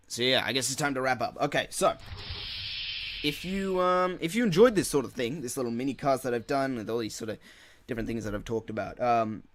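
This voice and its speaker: A man hosting his own gaming channel, ranting in a casual solo podcast with many filler words and frequent swearing. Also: medium pitch. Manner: rambling, frustrated, heavy swearing and filler words.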